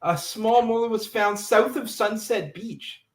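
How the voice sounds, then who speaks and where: Another livestream co-host, this man has a high voice, talks a little slowly, and sounds reverberant. He works through police blotter items from the local news, tossing in amused comments.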